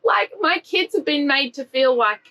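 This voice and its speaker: A woman's voice: sits high, lively intonation, normal speed, pushed and bright, poor audio. A woman in her thirties, a family vlogger, telling a story to the camera in an emotional, exasperated way. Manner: emotional, exasperated retelling with lots of "I was like".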